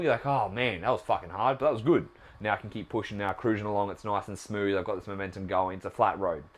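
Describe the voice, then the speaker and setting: A young man hosting a fitness podcast, talking in a casual motivational monologue, blunt and full of swearing and rhetorical questions. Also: medium pitch. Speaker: podcast host and trainer.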